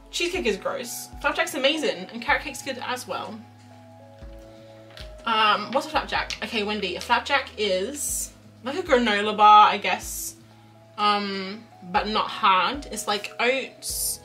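A woman's voice: mid-range voice, pushed and bright, distant mic. A young woman chatting casually on a drawing livestream. She rambles and reads chat messages aloud. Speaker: art streamer. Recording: voice slightly off-mic with faint music.

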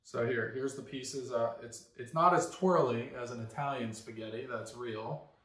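A man's voice: mid-range voice, normal speed, a bit bright, distant mic. A laid-back young man with a mid-range voice jokes and chats casually, often stopping and restarting his sentences. He sits back from the camera mic in an echoey home kitchen. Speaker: cooking vlog co-host. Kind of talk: casual chat.

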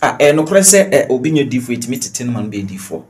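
A man with a Ghanaian accent leads the interview in a mid-pitched voice. He prompts his guest with questions and backs him up with frequent short murmurs of assent. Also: very animated, fast talker. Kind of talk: interview in mixed Twi and English.

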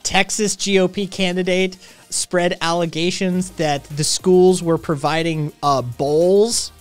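Slow-talking casual stream host. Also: medium pitch, fairly even intonation, faint music behind. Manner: casual, profane, reads news aloud then reacts. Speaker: livestream host. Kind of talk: casual stream chat reading headlines.

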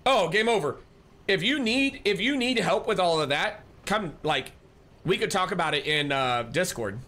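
A man live-streams in a high-pitched, expressive voice at normal speed, bright and forceful. He rambles casually, restarting often, reading chat aloud as he answers and thanks viewers.

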